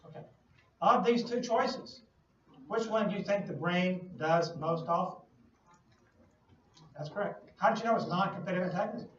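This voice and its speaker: A man's voice: high-pitched, a little fast, pauses often, a little hiss or hum. A man giving a classroom lecture, explaining with playful everyday analogies and questions to the class. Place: lecture hall. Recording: distant, echoey lo-fi classroom recording.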